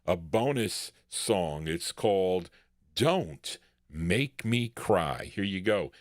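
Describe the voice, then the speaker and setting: Low-voiced guy dj rambling between records, dry close mic. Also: animated, slow pace, dry recording. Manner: rambling, self-correcting, chatty. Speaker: radio show host spinning records. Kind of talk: casual live show chatter between records.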